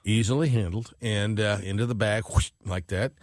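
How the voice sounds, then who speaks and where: A man's voice: fairly low pitch, steady tone, normal speed. A man co-hosting a radio show, telling a long, rambling everyday story at an easy pace with lots of fillers. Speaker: radio co-host. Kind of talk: casual chat.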